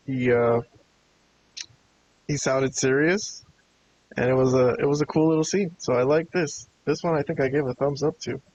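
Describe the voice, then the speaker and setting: A man giving a casual, laid-back review of a wrestling show, chatting and chuckling as he goes. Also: medium pitch. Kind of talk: casual video review commentary. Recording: dull lo-fi with hiss.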